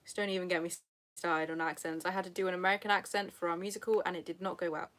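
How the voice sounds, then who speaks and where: A woman's voice: fairly low pitch, little pitch movement, very fast, a bit bright. A young woman from England with a British accent, chatting casually and self-deprecatingly on a live stream from her sofa at home, laughing often as she reads the chat. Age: young adult.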